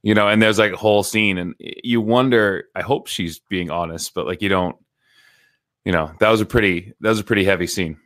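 A man with a low voice chats about a TV show, loose and hedging and sometimes cursing. The sound is dry and close, with no room echo. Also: fairly quick, fairly bright tone. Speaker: podcast co-host. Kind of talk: casual recap chat.

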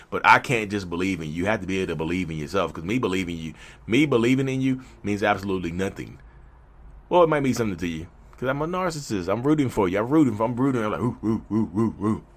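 Animated, slangy low-voiced man. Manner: animated, preachy, slangy, acts out quick skits. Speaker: mental health vlogger. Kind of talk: casual direct-to-camera monologue.

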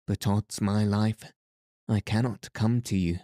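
A man's voice: fairly low pitch, fairly even intonation, measured pace, warm tone, dry recording, studio quality, lightly acted. A man doing a sleepy, foppish nobleman. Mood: drawling. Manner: sleepy, drawling, affected. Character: foppish drawling aristocratic English husband.

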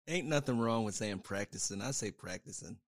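Easygoing male co-host, animated delivery, dry sound. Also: fairly low pitch, brisk, dry recording. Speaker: podcast co-host. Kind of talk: casual podcast chat.

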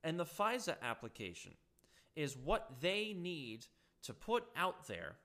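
A man's voice: a little high, big pitch swings, a little slow, a bit bright. A man giving ranting political commentary, indignant and sarcastic, often stumbling over his words.

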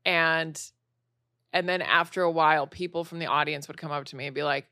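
Lively, dry-voiced woman comedian. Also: on the low side, moderate pace, no echo. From raised partly in Spain. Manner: animated storytelling, acts out quoted voices. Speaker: guest comedian. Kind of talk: casual podcast chat.

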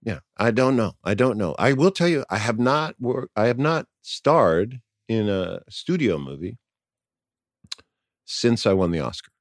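Man, 60s, from New York City. Low-pitched, reflective guest, dry close mic. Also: sing-song, measured pace, no echo. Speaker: actor guest. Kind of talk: casual interview.

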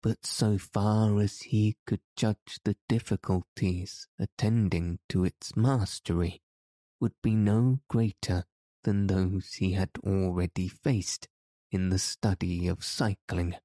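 A man reads a classic story aloud in a slow, measured way. His voice is low and dark, and the recording is dry and close. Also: fairly even intonation, no echo. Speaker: audiobook narrator. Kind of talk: scripted narration of a classic story.

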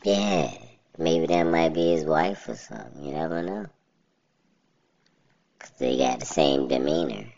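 A woman rambles through slangy, casual reaction commentary on a video she's watching, laughing often and jumping high in pitch when she rants. Her voice is creaky and a little mellow, at a measured pace with long pauses, and the sound is lo-fi.

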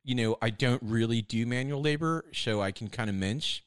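A man's voice: medium pitch, normal speed, clear, resonant tone, dry recording, studio quality, close to an everyday voice. A man putting on a laid-back male movie star who rambles in a meandering, surfer-like drawl. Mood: rambling.

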